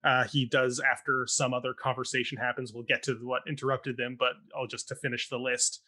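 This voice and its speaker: Chatty, bright-voiced young man. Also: medium pitch, little pitch movement, brisk. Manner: chatty and sarcastic, mock-quoting characters with laughs. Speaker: podcast co-host recapping a stage production. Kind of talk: casual chat.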